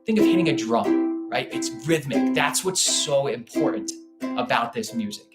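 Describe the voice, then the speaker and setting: Man, ukulele teacher, relaxed chatty delivery, mid-range voice, loud ukulele strumming behind. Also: mid-range voice, normal speed, echoey room, over loud music. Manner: relaxed, chatty, demonstrative, scats rhythms aloud. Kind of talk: live online music lesson. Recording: ukulele playing loudly behind the voice. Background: ukulele playing.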